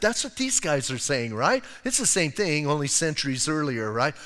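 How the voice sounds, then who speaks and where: A man's voice: on the high side, very animated, moderate pace, bright, forceful tone. A man preaching a sermon as pastor, in a conversational style with rhetorical asides, sometimes acting out the people he quotes. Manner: acts out quoted voices. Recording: long hall reverb.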